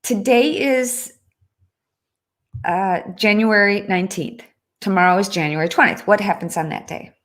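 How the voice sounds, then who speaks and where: A woman's voice: medium pitch, a little slow. A woman hosting a casual livestream, chatting earnestly and reading out viewer comments, often breaking off and restarting. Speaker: livestream host.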